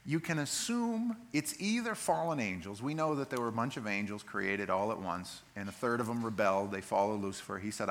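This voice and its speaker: Male pastor, lower voice, relaxed conversational sermon style. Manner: conversational, plain-spoken preaching with quick scripture readings.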